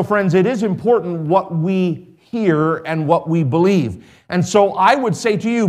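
A middle-aged male preacher delivers a sermon in an easy, conversational way. His voice sits a little high, and he drops into dry sarcasm before building to emphatic rises.

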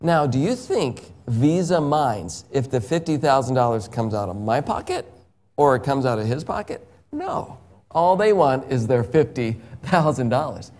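A man sharing the gospel one-on-one. He speaks slowly and with emphasis, chuckling often as he explains with everyday examples. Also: medium pitch, animated, darkish tone.

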